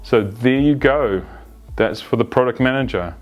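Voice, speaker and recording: Speaking at normal speed with a medium pitch, a man gives a casual, unscripted instructional talk as the agile coach of a video series, frequently restarting and tossing in asides. The audio is dull, with faint music behind him.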